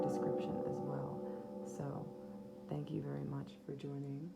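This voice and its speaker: A woman's voice: a bass voice, monotone, moderate pace, creaky, lo-fi sound, loud music behind the voice. A woman giving a casual, rambling psychic tarot reading to her viewers, with many fillers. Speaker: tarot reader.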